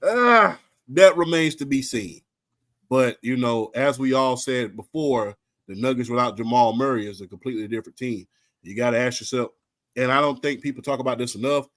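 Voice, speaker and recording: A man's voice: medium pitch, brisk, dry recording. A man talks basketball with his friends in a loose, easygoing way. He laughs often and stretches words out for emphasis. His voice sits close and dry on the mic. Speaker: podcast co-host. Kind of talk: casual sports chat.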